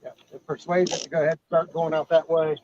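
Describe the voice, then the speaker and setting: A man's voice: a little high, level tone, fast talker, darkish tone, muffled recording. A man chatting casually outdoors while fishing, laid-back as he talks about his gear. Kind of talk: casual chat. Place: outdoors on a riverbank.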